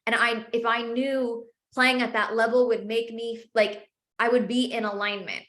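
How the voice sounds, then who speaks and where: A woman with a somewhat high voice leads a sales masterclass, driving her points home with passionate, repeated phrases. Her voice rings out in an echoey room. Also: flat delivery, moderate pace, fairly bright tone. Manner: passionate, emphatic, repetitive phrasing. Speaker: sales coach. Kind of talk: live masterclass teaching.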